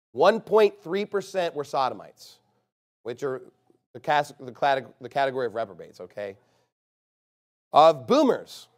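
His sermon moves back and forth from soft and low to loud and emphatic, and he stresses crucial phrases by speaking more slowly.

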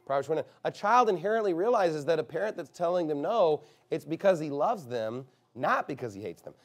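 A man preaching a sermon, moving between quiet, low passages and loud, emphatic ones and slowing down to stress key phrases. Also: sing-song.

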